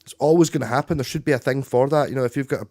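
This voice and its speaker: Talking very fast in a dark, mid-range voice, a livestream host rambles casually to viewers while playing guitar in a room at home. His speech is stop-start with many restarts, and the audio is studio quality with no room sound.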